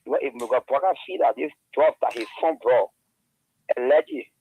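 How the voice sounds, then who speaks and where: Over a tinny phone line with a bit of hiss or hum, a caller to a radio talk show delivers fiery commentary. His medium-pitched, gravelly voice moves fast with lively intonation, repeating words and climbing into shouts as he presses his point.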